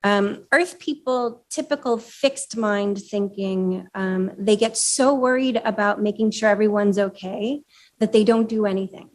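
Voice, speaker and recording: A woman's voice: medium pitch, measured pace, darkish tone. A woman giving a live presentation at a chapter meeting, talking conversationally with fillers and putting questions to the audience.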